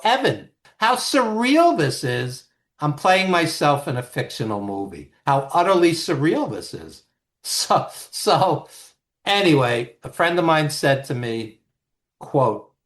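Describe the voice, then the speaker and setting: A man, a guest on an interview show, telling stories in an animated, emphatic way with frequent restarts. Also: fairly high pitch. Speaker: guest, author and producer. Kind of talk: storytelling interview talk.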